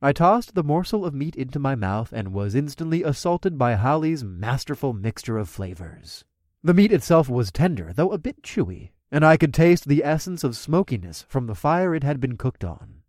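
A man narrating a first-person fantasy audiobook in an expressive reading, recorded close. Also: mid-range voice, moderate pace, no room sound.

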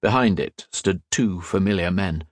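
A man narrating an adventure audiobook in a dramatic, lively reading style with a slightly husky voice. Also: low-pitched, moderate pace, no echo.

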